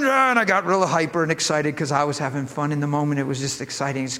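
Preaching a storytelling sermon in church, a man recounts a healing story, laughing and acting out different voices with real animation. His voice sits high and brisk, trailing off into a long reverb.

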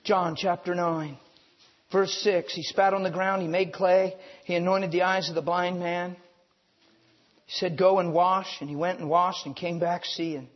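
A man preaches, folksy and quick, laughing as he acts out the stories. His voice sits high and a bit husky. The recording is dull and carries the long echo of a large hall. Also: flat delivery. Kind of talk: sermon. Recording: muffled, echoing hall.

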